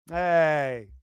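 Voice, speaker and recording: A man hosting a casual livestream, talking in a profane, animated way and acting out mocking voices. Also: a little high, clear, resonant tone, no room sound, highs cut off. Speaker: podcast host.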